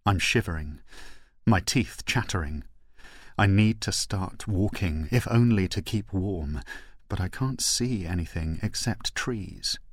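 A man reading an audiobook aloud in the first person, measured and controlled. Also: low voice, dry recording. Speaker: audiobook narrator. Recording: dry close studio sound.

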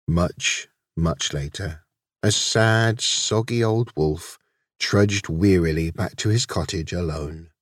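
A man reading his own children's story aloud, expressive and gentle. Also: on the low side, slow pace, no room sound, clean studio sound.

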